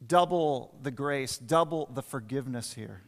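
In a medium-pitched voice and a slightly slow pace, a pastor tells stories in his sermon and then stresses his main points with emphasis. He shifts from soft asides to forceful declarations, recorded with a church hall's long reverb.

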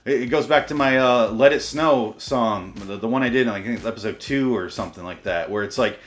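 A man's voice: medium pitch, a little fast, few pauses. A man hosting a comedy show, ranting and swearing in mock exasperation, his voice worn out. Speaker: podcast host. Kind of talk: profane comedic rant.

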